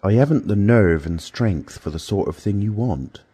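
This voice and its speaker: A man's voice: on the low side, animated, moderate pace, dark tone, breathy edge, voice pushed up. A man voicing a cowardly middle-aged tramp who pleads and complains in a self-pitying way in an audiobook. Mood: whining. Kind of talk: audiobook character voice.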